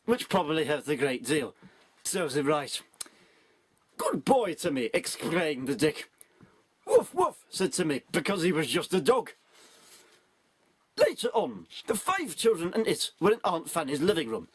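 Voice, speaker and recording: A bumbling, self-important old man, as a man puts him on, reads his own storybook aloud with a husky voice. He is pitched high and swoops up and down, and he mangles words and snaps at himself. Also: no room sound, full character voice. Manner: bumbling, forgetful, constant malapropisms and self-corrections; easily irritated, grumbling asides. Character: muddled pompous elderly male showbiz has-been reading his own storybook. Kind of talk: comic character reading of a parody children's story.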